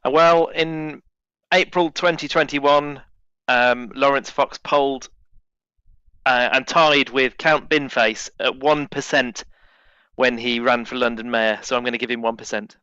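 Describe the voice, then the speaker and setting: A man drops dry, deadpan lines into a podcast chat in a bright, tense voice. His mic sounds dull and lo-fi, and close and dry with no room to it. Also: mid-range voice, a little slow, clean tone, no room sound.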